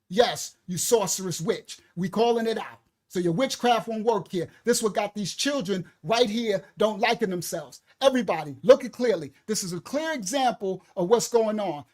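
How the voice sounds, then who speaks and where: A minister preaching to a live audience, sternly scolding a commenter. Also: male voice, high voice. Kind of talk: livestreamed preaching.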